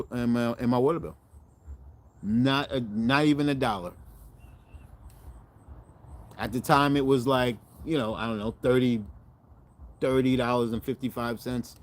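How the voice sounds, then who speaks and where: A man's voice: medium pitch, a little mellow. A middle-aged man hosting a cooking channel, chatting casually to viewers in a rambling, self-correcting way and animating his stories.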